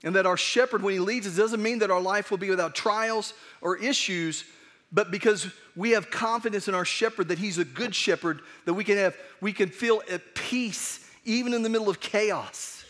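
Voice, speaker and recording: A pastor gives his sermon in a high, light voice. He talks in a conversational, earnest way, stumbling and restarting as he goes. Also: normal speed, a bit bright. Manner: conversational, earnest, with frequent restarts and acted asides.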